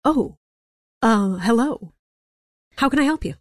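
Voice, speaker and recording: A woman's voice: a little high, lively intonation, unhurried, dry recording. A woman voicing an absorbed workshop tinkerer in a tabletop game, answering in a dry, matter-of-fact way. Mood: startled. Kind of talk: tabletop role-play.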